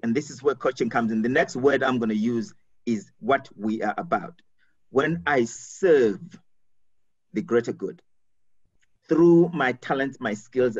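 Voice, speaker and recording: A man's voice: medium pitch, breathy edge, no room sound. A man from Africa, an executive coach speaking earnestly on a webinar panel, repeating words as he builds his points. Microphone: video call. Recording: dull video call audio.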